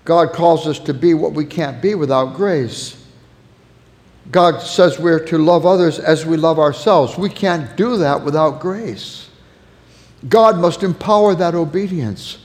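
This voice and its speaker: A man preaching a sermon on parenting, earnest and warm, softening when he tells a family story. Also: a little high, unhurried. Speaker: pastor teaching on parenting. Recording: long hall reverb.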